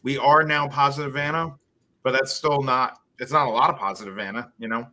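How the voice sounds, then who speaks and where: A man's voice: mid-range voice, steady tone, brisk, pushed and bright. A man co-hosting a live trading stream, chatting casually and thinking aloud as he walks through charts, dropping in dude and man. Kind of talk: casual market chat.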